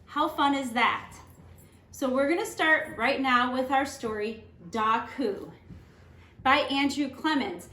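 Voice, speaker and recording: Woman teacher, high and bright, slow read-aloud for kids, roomy echo. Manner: slow and emphatic, clapping out syllables. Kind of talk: lesson and read-aloud for children.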